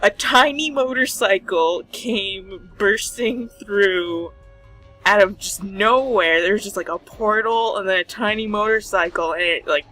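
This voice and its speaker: A woman playing a visual novel, reacting with animated, playful outbursts and joking asides. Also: medium pitch. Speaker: gamer. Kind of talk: let's play commentary. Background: faint game music.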